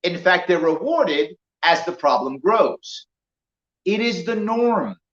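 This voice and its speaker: Speaking slowly in a high, widely swinging voice, a male candidate addresses a small crowd in a roomy indoor space, acting out little scenes and dialogue in his campaign anecdotes. The sound is echoey and comes across dull and lo-fi.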